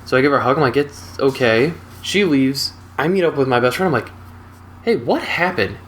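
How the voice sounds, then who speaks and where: A man's voice: medium pitch, quick pace, slight background noise. Chatty young man telling a story. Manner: relaxed, chatty, wry. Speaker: storytelling channel host. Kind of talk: casual storytelling.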